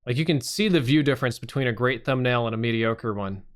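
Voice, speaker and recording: A man's voice: mid-range voice, fast talker. A man hosting a live stream, reviewing channels with blunt, casual and sometimes profane critique.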